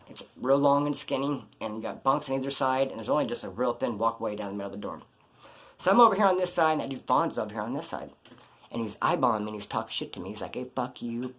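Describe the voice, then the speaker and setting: Man, fast-paced, blunt, profane, street slang, storytelling vlog. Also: medium pitch, a bit bright. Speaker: vlogger telling a prison story. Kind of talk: casual storytelling.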